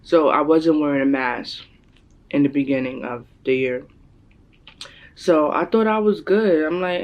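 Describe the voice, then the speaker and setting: Young woman vlogger, casual storytelling, animated quoting, camera mic. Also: measured pace, long pauses, muffled recording. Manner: animated, acts out quotes in a higher voice.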